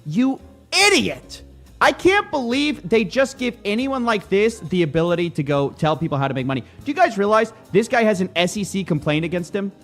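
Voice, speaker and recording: A man's voice: sits high, a little fast, faint music behind. A young man hosting a show, giving sarcastic, jokey commentary on video clips. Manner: mocking, animated, jokey. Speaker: host.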